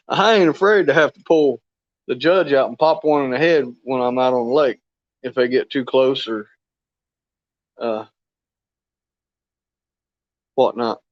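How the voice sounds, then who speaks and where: A man's voice: medium pitch, no room sound, lo-fi sound. A man hosting a fishing live stream, rambling in a casual, folksy way and chuckling often.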